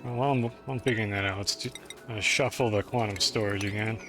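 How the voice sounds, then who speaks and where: A man's voice: fairly low pitch, steady tone, quick pace, over music. A man streaming a game, chatting casually with his viewers in a rambling, self-deprecating way. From United States. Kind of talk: casual live-stream chat while playing.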